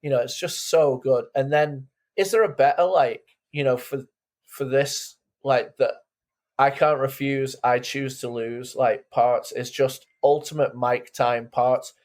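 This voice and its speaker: A man co-hosting a music podcast, talking at an unhurried pace with a mid-range voice. He chats casually and enthusiastically, full of fillers. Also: medium pitch, darkish tone. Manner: enthusiastic, talks with many fillers. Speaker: podcast co-host. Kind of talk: casual chat.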